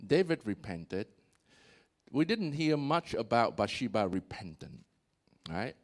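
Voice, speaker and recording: Animated male preacher. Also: measured pace. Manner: animated, voice swells on key points and drops low after. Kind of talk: sermon.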